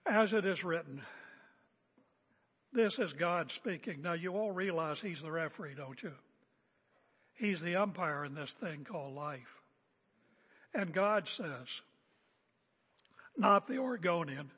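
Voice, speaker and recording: A man's voice: a little high, expressive, measured pace, pauses often, a bit bright, husky. A man preaching a sermon as a pastor, emphatic and confrontational, hammering home repeated phrases. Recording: echoey hall with long reverb.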